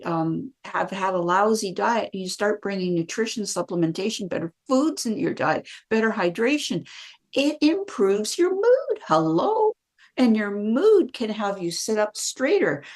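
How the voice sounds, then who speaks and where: Lively woman telling stories. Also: mid-range voice. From Canada. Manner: lively, acts out quoted dialogue. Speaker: podcast guest, bioenergetics practitioner. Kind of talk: casual interview storytelling.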